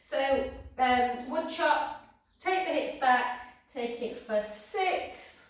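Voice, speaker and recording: Chatty pilates teacher, very echoey room. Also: female voice, sits high, expressive, very slow. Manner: chatty, drifts into anecdotes between counts. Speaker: pilates instructor. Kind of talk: live class instruction with counting. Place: her home exercise studio. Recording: very echoey room, mic far off.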